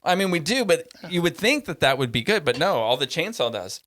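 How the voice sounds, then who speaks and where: A man co-hosting a podcast, chatting casually and telling stories full of quick asides. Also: fairly high pitch, sing-song, a bit bright. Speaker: podcast co-host. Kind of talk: casual chat.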